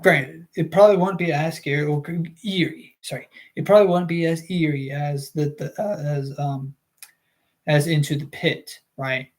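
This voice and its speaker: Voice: medium pitch, fairly even intonation, moderate pace. A streamer reading a book aloud on a livestream, chatting casually and rambling with many fillers.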